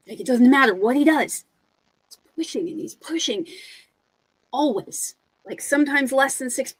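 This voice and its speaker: A woman guest on a podcast telling a story in an animated, emphatic way. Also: fairly high pitch, no room sound, low-quality recording. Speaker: guest speaker.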